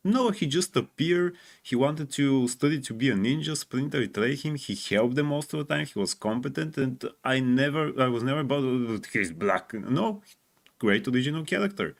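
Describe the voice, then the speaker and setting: A male co-host of middling pitch chats casually, chiming in with "yeah" and stumbling through restarts. His tone is easygoing and conversational. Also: expressive, moderate pace. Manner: agreeable, hesitant restarts, frequent "yeah". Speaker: podcast co-host. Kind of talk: casual chat.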